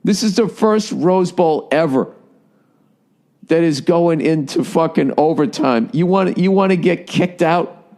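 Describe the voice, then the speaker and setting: A man's voice: on the high side, unhurried, a little mellow. A man hosting his own podcast, ranting comedically with lots of profanity. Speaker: podcast host. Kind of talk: comedic solo rant.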